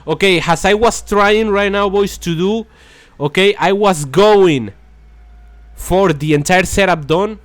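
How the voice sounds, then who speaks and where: In casual gameplay commentary, a young gamer host talks in a high-pitched, unhurried way, rambling and tossing out "boys" and "that's crazy" again and again, with frustrated remarks along the way. The close-miked recording is dry.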